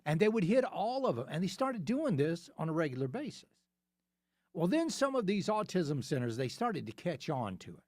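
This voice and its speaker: Male radio host, opinion monologue, lively up-and-down delivery, rhetorical questions, close dry studio mic. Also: fairly high pitch, normal speed, dry recording. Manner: emphatic, poses rhetorical questions and answers them himself. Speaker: radio talk show host.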